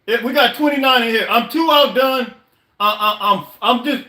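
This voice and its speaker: A man's voice: very high-pitched, normal speed, pushed and bright, reverberant. A man hosting a live podcast stream, venting his frustration in a casual, repetitive way with many stammered restarts. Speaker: podcast host.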